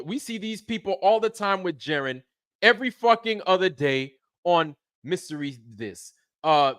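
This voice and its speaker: Recorded dry, this high-pitched man with a fairly bright tone hosts his channel and launches into a heated, foul-mouthed tirade. He keeps circling back to the same phrases.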